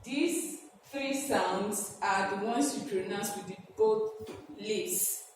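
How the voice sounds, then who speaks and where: A woman from Nigeria, a guest teacher, giving a slow, deliberate lesson with some fillers. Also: mid-range voice. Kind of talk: classroom-style lesson. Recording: echoey hall from a distant mic, noisy.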